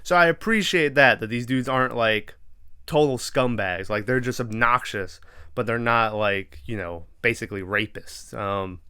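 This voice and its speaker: A man's voice: medium pitch, normal speed, bright, forceful tone, clean tone, no echo, clean studio sound. Profane young man recapping a movie. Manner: profane, rambling storytelling with fillers. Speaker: podcast host.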